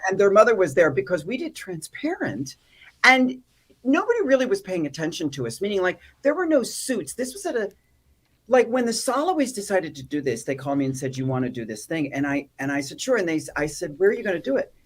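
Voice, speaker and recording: An animated woman in a relaxed interview, her pitch leaping up and down as she tells comic stories. She slips into quoted voices and keeps the telling playful. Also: brisk. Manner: animated, comic storyteller who acts out quotes. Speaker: actor and activist guest. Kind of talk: storytelling in a casual interview.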